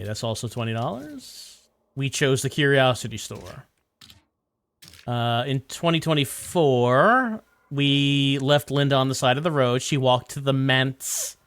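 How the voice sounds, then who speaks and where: A man's voice: medium pitch, fairly bright tone. Man, game streamer, casual chat, musing, reads aloud.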